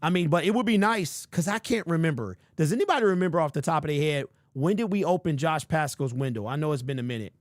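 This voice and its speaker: Man, podcast host, casual joking chat, laughs a lot, fairly high voice, dry sound. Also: expressive, quick pace, few pauses, dry recording. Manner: joking, laughs at his own stories, talks straight to viewers.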